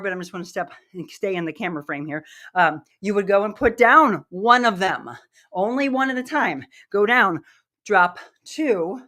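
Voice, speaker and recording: A woman's voice: mid-range voice, fairly bright tone. A middle-aged woman leading a live workout lesson, upbeat and coaching, out of breath as she demonstrates the moves. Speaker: fitness instructor.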